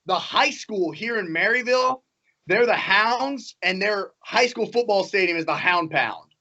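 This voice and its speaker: A man with a high, bright voice chats about football as a podcast co-host, quick and laughing, often repeating his point. The recording sounds muffled and lo-fi. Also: animated. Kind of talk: casual sports chat. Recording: dull lo-fi sound.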